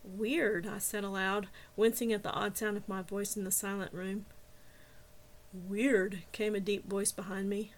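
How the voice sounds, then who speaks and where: A woman's voice: medium pitch, level tone, brisk, hardly any pauses. Woman reading her novel aloud. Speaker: author and reader. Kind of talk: first-person novel narration.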